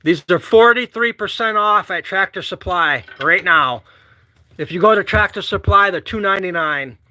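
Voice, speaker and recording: A man from Michigan vlogging casually, rambling and joking with loud whoops. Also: sits high, moderate pace, slight background noise. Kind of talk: casual outdoor vlog chat.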